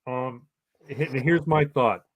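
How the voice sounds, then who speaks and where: A man's voice: mid-range voice, takes it slowly, slightly rough, no echo. A man in his forties from Canada, chatting casually as a podcast host, rambling along with many false starts and repeated words. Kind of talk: casual chat.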